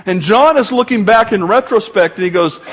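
A man's voice: sits high, brisk, a bit bright, slightly rough. A man preaching a sermon as pastor, talking conversationally with joking asides to the congregation.

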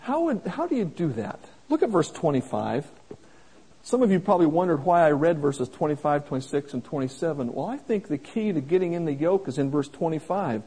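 A man preaching a sermon in a folksy, plain-spoken way, slowing down to stress each scripture quote. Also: on the high side, lively intonation, warm tone, breathy edge, low-quality recording. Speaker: pastor.

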